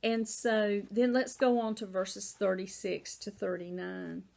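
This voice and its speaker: A woman's voice: mid-range voice, unhurried, creaky, a little mellow. A woman with a Southern American accent teaching a Bible lesson in a casual, conversational way, often saying "you know".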